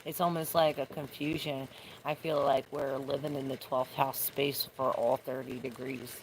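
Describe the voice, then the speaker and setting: Speaking at a moderate pace in a very deep voice with little pitch movement, a tarot reader rambles casually through a reading outdoors. She hunts for words and drops casual swears, and rain makes the recording noisy.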